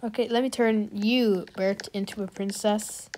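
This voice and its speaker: A woman's voice: medium pitch, steady tone, a little slow, darkish tone, slight background noise. A woman playfully narrating a video game she is playing, breaking into sudden yelps and screams. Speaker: gaming video creator. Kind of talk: let's-play commentary.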